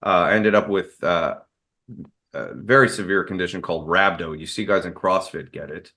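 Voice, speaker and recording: Interview guest: man, low voice, candid, loose rambling delivery. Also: normal speed, bright, forceful tone. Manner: candid, rambling with fillers and restarts. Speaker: guest, martial arts expert. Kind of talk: casual interview storytelling.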